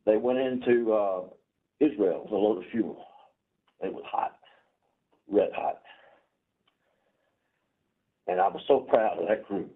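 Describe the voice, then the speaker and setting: A man speaking as a commissioner at a public meeting, earnest and halting, often repeating words. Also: lowish voice. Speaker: port commissioner. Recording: tinny phone-like broadcast audio.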